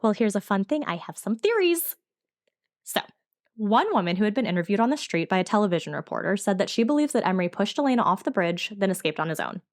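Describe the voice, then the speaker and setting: A woman's voice: medium pitch, big pitch swings, no room sound, studio quality. A woman co-hosting a podcast, telling a true-crime case in chatty, casual storytelling. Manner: fast, chatty storytelling from notes. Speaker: podcast co-host.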